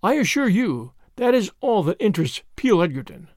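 A man voicing a calm, mocking, scheming society woman in a read story. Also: sits high, moderate pace, no echo, clean studio sound. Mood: scornful. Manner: calm, mocking, coolly superior.

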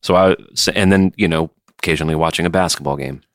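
A man's voice: very deep voice, fast, no room sound, clean studio sound. A man co-hosting a podcast in casual chat, telling wry stories with some swearing. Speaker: podcast co-host, touring musician.

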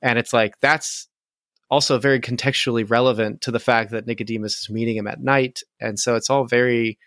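A man's voice: mid-range voice, fairly even intonation, a little fast, a bit bright, dry recording, clean studio sound. A young married man co-hosting a podcast, talking earnestly in casual chat with hesitant restarts. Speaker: podcast co-host.

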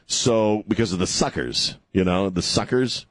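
A man's voice: lowish voice, normal speed, no echo. A man hosting a radio talk show, rambling and sarcastic, chuckling as he riffs. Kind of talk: casual talk radio banter. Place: radio studio. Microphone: studio microphone.

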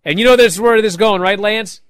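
A man's voice: high-pitched, quick pace, clear, resonant tone, no room sound. A man hosting a podcast, recapping wrestling in casual chat and mocking the people he describes with impressions. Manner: animated storytelling with mocking impressions.

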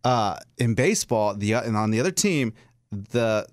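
A man co-hosting a casual talk show, a father telling stories about his kids' sports and loudly acting out the people he quotes. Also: fairly low pitch, lively intonation, normal speed, no room sound, studio quality. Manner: storytelling, acts out quotes loudly. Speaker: co-host, father of young athletes. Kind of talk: casual radio chat.

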